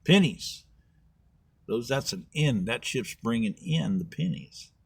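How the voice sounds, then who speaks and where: Talk as a middle-aged man spinning a homespun history yarn for your voters. Stay husky and plain, close to the mic and dry. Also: medium pitch, animated, takes it slowly, no echo. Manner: folksy, acts out voices in his stories. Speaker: political candidate. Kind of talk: storytelling political talk.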